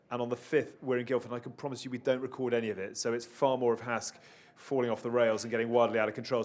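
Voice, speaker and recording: A man hosting a rugby podcast in front of an audience, running through introductions and plugs in a brisk announcer manner. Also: medium pitch. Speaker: podcast host.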